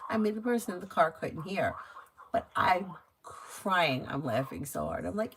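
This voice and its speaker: A woman giving casual tarot readings on a live stream, chatty and quick to laugh, with lots of fillers. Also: low voice, sing-song, fairly bright tone, slight background noise, rough recording. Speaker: tarot reader.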